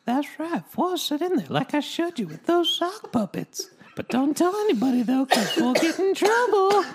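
A man doing an impression of a creepy, leering old cartoon man, with a quavering, drawn-out delivery. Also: very high-pitched, big pitch swings, very noisy, pitched above the performer's own voice, full character voice.

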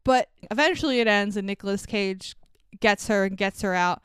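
A woman casually recapping a movie, swearing freely and acting out the characters' lines with lively energy. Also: mid-range voice, normal speed, clean tone, no echo. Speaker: podcast co-host.

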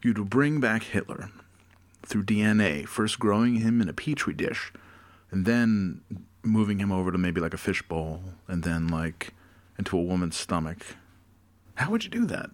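A man's voice: sits low, moderate pace. A man co-hosting a casual comedy chat, rambling and profane with many restarts.

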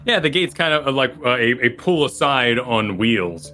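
A man narrating as game master in a tabletop game, describing scenes in a relaxed way with fillers. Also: mid-range voice, normal speed, soft background music.

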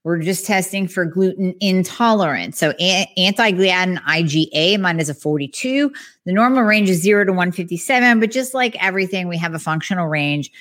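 Animated woman explaining lab results. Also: on the low side, a little fast. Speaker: podcast host, health practitioner. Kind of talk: casual explanatory podcast talk.

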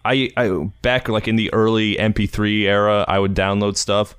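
A man with a low voice talks as a podcast guest, recorded dry and close. He tells his stories wryly, poking fun at himself. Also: level tone, moderate pace, fairly bright tone, clear, resonant tone, dry recording. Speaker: guest music critic. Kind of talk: casual chat.

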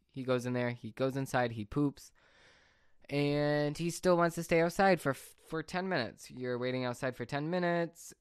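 A young man casually telling a rambling, animated story on a podcast. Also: mid-range voice, clear, resonant tone, dry recording, studio quality. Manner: rambling, animated anecdote with fillers and asides. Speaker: podcast speaker.

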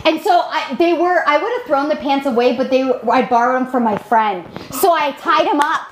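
A woman's voice: moderate pace, poor audio. A young woman co-hosting a podcast, telling a story with lots of laughter and acting out what she said at the time. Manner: animated storyteller, laughing, acting out her own lines in higher voice. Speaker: podcast co-host. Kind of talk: casual chat, storytelling.

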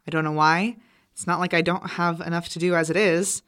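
A woman acting an exasperated, brisk frat sponsor in a college audio drama. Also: lowish voice, steady tone, a bit bright, lightly acted. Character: harried female frat sponsor Mrs. Coleman.

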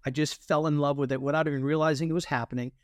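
Interview guest, male, animated storyteller who mimics others; somewhat high pitch, dry studio sound. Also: rapid-fire, dry recording. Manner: animated storyteller, acts out quoted voices. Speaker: guest, military veteran and artist. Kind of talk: testimony in an interview.

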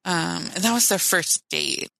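Gravelly, bright-voiced woman podcast co-host. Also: lowish voice, unhurried, no room sound, rough recording. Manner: laid-back, giggly. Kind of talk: casual chat, reading listener questions.

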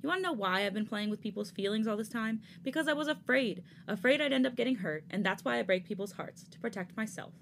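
A woman's voice: a little high, expressive, fast talker, gravelly, few pauses, a little hiss or hum. A woman reading as a bitter, heartbroken young man. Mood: hurt. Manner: bitter, then raw and pleading. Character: wounded, defensive young man hiding heartbreak.

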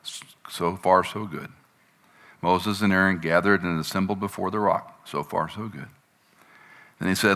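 A man with a lowish, bright and forceful voice preaches a sermon in a plain, conversational way. He reads scripture aloud and breaks into animated, exasperated asides when he acts out the complaints of the people. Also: normal speed, long pauses. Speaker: pastor.

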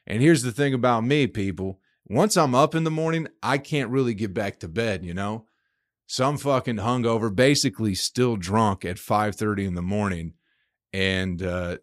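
A man's voice: on the low side, no echo, studio quality. A man hosting a podcast, telling a rambling, profanity-filled story in a casual monologue. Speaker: podcast host.

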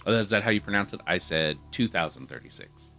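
A man's voice: low-pitched, lively intonation, fairly quick, bright, forceful tone, faint music behind. A man co-hosting a married couple's movie podcast, chatting in a joking, sarcastic way with ranting asides and swearing. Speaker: podcast co-host. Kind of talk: casual comedic chat.

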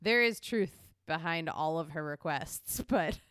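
A woman's voice: low voice, lively intonation, unhurried, a bit bright, clear, resonant tone, no echo, clean studio sound. A woman co-hosting a podcast, a comedian chatting casually, playful and jokey with lots of laughs. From Montgomery County, Pennsylvania. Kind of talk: casual chat.

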